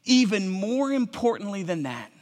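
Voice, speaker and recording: A man preaching a sermon with passion, calling out to his congregation and rising at times to shouts. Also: sits high, big pitch swings, normal speed. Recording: long reverb of a large hall.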